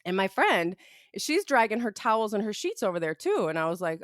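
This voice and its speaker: A woman's voice: medium pitch, fairly quick, no echo. Chatty woman podcast host, dry close mic. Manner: chatty, lots of "like", animated storytelling. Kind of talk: casual podcast chat.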